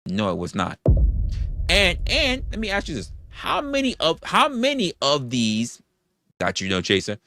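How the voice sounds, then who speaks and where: Animated, profane livestream host ranting. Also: male voice, fairly high pitch, unhurried, dry recording, studio quality. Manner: profane, argumentative, fires rhetorical questions; reads out and thanks viewer donations. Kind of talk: live-stream commentary and rant.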